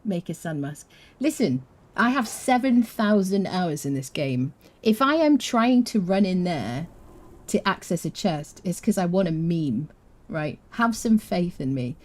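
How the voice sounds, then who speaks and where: Lively-voiced woman streamer chatting to chat. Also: lowish voice, measured pace. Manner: chatty, laughs often, playful asides to chat. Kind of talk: live game commentary.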